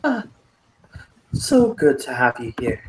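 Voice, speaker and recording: A man's voice: mid-range voice, big pitch swings, slow pace, roomy sound, slight background noise, low-quality recording. A man putting on a pompous Irish fairy baron. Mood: courtly. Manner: pompous, courtly. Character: haughty noble male fairy baron.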